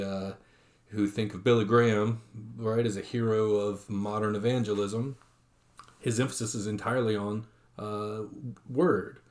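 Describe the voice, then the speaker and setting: A man's voice: on the low side, a little mellow. A man giving an online lecture, reading quotations aloud with frequent fillers and restarts.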